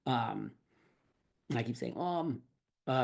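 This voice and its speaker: A man's voice: medium pitch, steady tone, fairly quick, a little mellow. Dude rambling on his podcast, lots of likes and you knows, swears a bunch. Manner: rambling, heavy filler words and swearing. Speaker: podcast host. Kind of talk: casual song breakdown.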